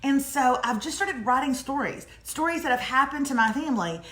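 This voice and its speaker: A chatty woman in her forties co-hosts a casual live morning show and spins animated stories. Her voice sits a bit high. The room gives it a noticeable echo. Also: brisk. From Texas. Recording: echoey room.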